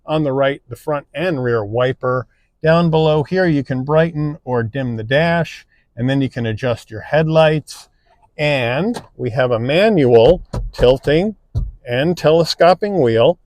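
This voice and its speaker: A man narrating a car review, calmly listing interior features one by one, recorded inside a car. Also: mid-range voice, a little slow, no echo. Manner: relaxed, plain-spoken, listing features one by one.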